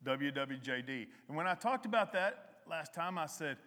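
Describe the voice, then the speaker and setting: A man preaching a conversational sermon to a congregation, with emphatic rises and a soft, slow hymn. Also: fairly high pitch, lively intonation, in a large hall. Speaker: lay preacher. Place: church hall.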